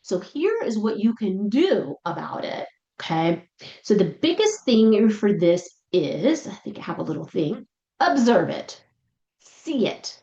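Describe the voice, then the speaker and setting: A woman who trains dogs, giving a casual lesson to pet sitters in a chatty way and acting out dogs and sitters in quick voices. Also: medium pitch, very animated, dark tone. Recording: echoey room, dull lo-fi sound.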